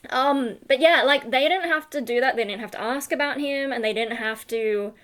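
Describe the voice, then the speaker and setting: A woman's voice: high voice, moderate pace, a bit bright. A woman, chatting casually to her vlog audience, rambling with lots of fillers and restarts. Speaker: YouTuber.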